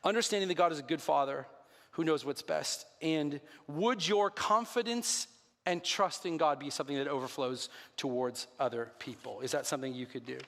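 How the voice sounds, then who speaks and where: A man's voice: on the high side, moderate pace, fairly bright tone. A man in his thirties, a pastor, preaching a sermon in an earnest, conversational way with self-deprecating asides. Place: church sanctuary. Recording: long hall reverb.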